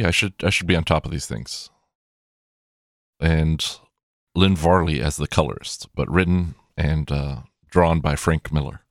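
Deep-voiced rambling man. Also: no room sound, clean studio sound. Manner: rambling, hesitant, with many restarts and fillers. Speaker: movie collection reviewer. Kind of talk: casual video commentary.

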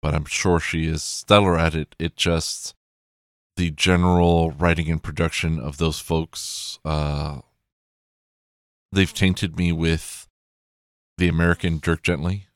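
Very deep-voiced man rambling casually. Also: little pitch movement, slow, no room sound, clean studio sound. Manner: rambling, profane, restarts and self-corrections.

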